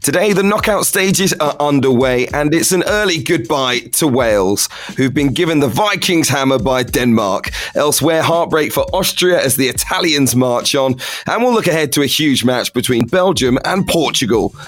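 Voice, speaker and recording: Hoarse, jokey football podcast host. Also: male voice, medium pitch, expressive, normal speed. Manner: chatty, jokey, self-mocking. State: hoarse, losing his voice. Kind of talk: casual sports podcast chat.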